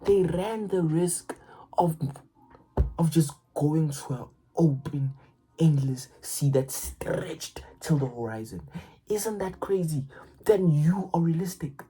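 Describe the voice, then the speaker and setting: A woman giving a casual, profane motivational rant, excitable and stammering as she repeats her words. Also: deep voice, slow pace, slightly rough, rough recording. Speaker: motivational vlogger.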